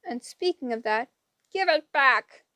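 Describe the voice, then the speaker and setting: A woman's voice: lively intonation, a little slow, bright, forceful tone, dry recording, studio quality, heavily acted. A woman voicing three ancient blind hag sisters who squabble and screech at each other in an audiobook. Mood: shrill bickering. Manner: shrill, screeching and bickering.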